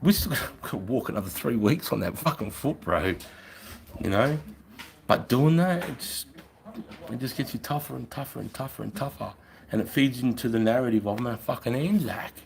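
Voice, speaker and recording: Blunt, profane Australian army veteran. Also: male voice, medium pitch, expressive, normal speed, vocal fry, slight background noise. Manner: blunt, heavily profane storytelling. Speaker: former army soldier. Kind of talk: casual podcast chat.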